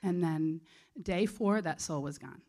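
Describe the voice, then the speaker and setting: A woman's voice: low voice, measured pace, a little mellow. Earnest conversational woman preacher. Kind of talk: sermon.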